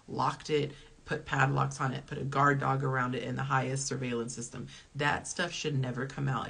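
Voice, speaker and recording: A woman's voice: deep voice, husky. A woman hosting a relationship advice talk, speaking casually and emphatically to her viewers, repeating key words for stress and responding to live comments. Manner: chatty and emphatic, with repeated phrases. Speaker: dating and relationship advice host.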